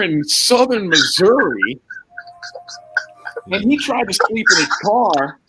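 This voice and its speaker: A man's voice: high voice, big pitch swings, a little slow, background noise. A man telling a wild story in a casual chat, acting out the other people's lines and swearing freely. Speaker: podcast guest.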